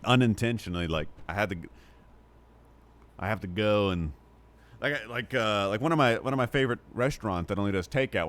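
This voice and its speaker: A man's voice: on the low side, a bit bright. A young man live-streaming a game, sleepy and yawning, rambling casually to his chat with many fillers.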